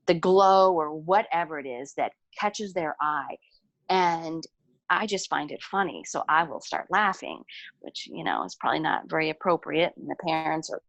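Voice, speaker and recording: Relaxed lower-voiced woman guest. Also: dry recording. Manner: relaxed, amused storyteller with frequent fillers. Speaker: podcast guest. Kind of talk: casual storytelling conversation.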